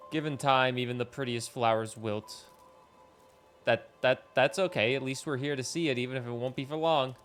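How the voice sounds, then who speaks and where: A man putting on an edgy teenage boy who talks low and flat, brushing everything off. The delivery is aloof, with soft game music underneath. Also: moderate pace, natural voice.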